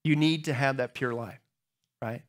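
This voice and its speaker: A middle-aged man preaching a sermon as pastor, telling funny stories to the congregation and jumping into high voices when he acts out other people. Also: normal speed. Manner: humorous storytelling, talks to the crowd; animated, jumps into high squeaky voices when acting out others.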